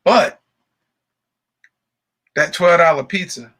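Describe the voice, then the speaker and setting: Casting: male podcast co-host, bright and forceful tone, animated storyteller, casual banter. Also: fairly high pitch, slow. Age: adult father. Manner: joke-telling, animated, laughs often. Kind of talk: casual chat.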